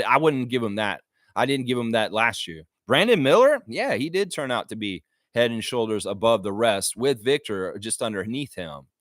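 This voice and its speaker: A man hosting a fan livestream rants in casual, animated commentary, his pitch leaping up and down as he mocks opponents. The sound is dry and close, with no room around it. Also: dry recording. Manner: animated, ranting, mock-voices in asides. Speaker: host of a basketball fan livestream.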